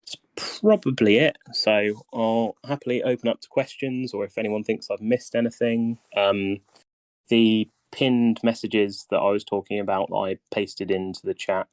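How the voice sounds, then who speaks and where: A man's voice: lowish voice, steady tone, unhurried, no room sound. A man hosting a casual voice-chat guide session, talking hesitantly with many ums, his voice tiring. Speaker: game guide host.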